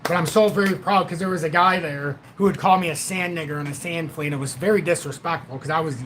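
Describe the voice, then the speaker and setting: A man in his forties hosts a casual livestream and talks in a rambling, blunt way, swearing freely. His voice sits a little high for a man. There is faint hiss under the voice. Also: fast talker, fairly bright tone. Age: 40s. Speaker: livestream host.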